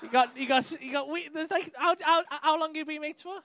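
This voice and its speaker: A man's voice: extremely high pitch, a little fast, noisy background. A man doing stand-up, bantering with the crowd in a brash, sweary way on a comedy club stage. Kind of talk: crowd work.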